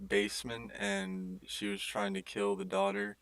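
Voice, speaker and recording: A man's voice: lowish voice, monotone, a little slow, fairly bright tone, smooth. A young man co-hosting a podcast in casual chat, laid-back, laughing often and trailing off with fillers. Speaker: podcast co-host.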